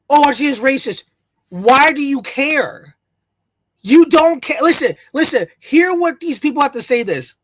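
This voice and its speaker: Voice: high-pitched, fairly bright tone, a little hiss or hum. A channel host giving a heated, profane solo commentary, full of sarcasm and mocking imitations of others. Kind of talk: solo ranting commentary to camera. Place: in the United States.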